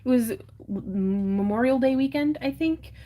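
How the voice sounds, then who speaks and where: A woman's voice: high-pitched, unhurried, warm tone. A young woman hosting a live stream auction, chatting casually, giggling often and reading viewer comments aloud.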